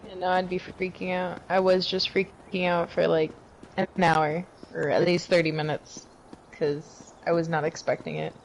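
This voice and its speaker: A woman's voice: fairly low pitch, little pitch movement, moderate pace, lo-fi sound, a little hiss or hum. A woman chatting casually, giving short replies and laughing easily. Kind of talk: casual chat.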